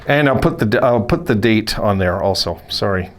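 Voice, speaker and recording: A man's voice: fairly low pitch, lively intonation, normal speed. A man hosting a casual solo video, talking in a rambling, chatty way with frequent self-corrections and asides. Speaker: hockey video host.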